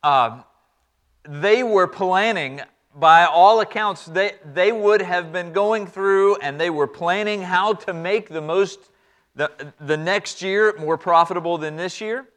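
Man preaching with a high, storytelling voice. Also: slow, a bit bright. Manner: conversational, repeats words, varies tempo for emphasis. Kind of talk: sermon storytelling.

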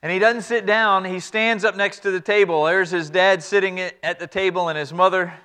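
Man preaching with a high, storytelling voice. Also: fairly even intonation, moderate pace, bright, forceful tone, smooth. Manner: conversational, repeats words, varies tempo for emphasis. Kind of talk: sermon storytelling.

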